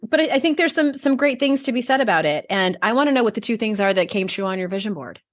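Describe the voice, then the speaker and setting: A woman's voice: a little high, expressive, quick pace, no echo. A woman hosting a podcast, chatting candidly, laughing often and swearing freely. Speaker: podcast host. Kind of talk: casual conversational interview.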